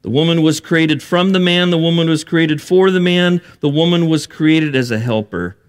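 A man's voice: on the high side, normal speed, clean tone. A man preaching a sermon, earnest and building to emphatic bursts, with joking asides. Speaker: pastor.

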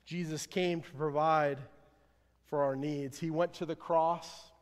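A man preaching a sermon as pastor, earnest, swelling louder then dropping low at line ends. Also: fairly even intonation, takes it slowly. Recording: long hall reverb.

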